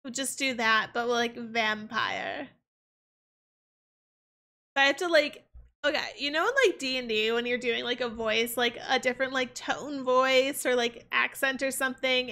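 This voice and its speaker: A woman's voice: high-pitched, a little slow, bright, forceful tone. A young woman streaming a game, chatting casually in a rambling way. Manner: rambling, full of fillers and restarts. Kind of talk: casual chat while gaming.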